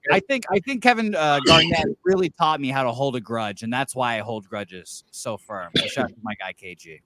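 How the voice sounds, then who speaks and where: A man co-hosting a live sports chat, animated and joking with exaggerated outrage. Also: mid-range voice, brisk, rough recording. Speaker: sports radio co-host. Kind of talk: casual sports chat while watching a game.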